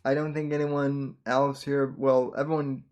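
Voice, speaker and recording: A man's voice: medium pitch, level tone, a little slow, a little mellow. A man hosting a podcast, talking in a hesitant, stammering way in casual chat. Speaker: podcast host.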